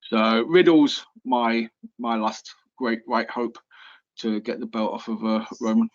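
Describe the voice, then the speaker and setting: A man's voice: mid-range voice, steady tone, measured pace. A man co-hosting a casual podcast, giving confident, opinionated takes and speaking to his listeners. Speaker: podcast co-host. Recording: muffled lo-fi audio.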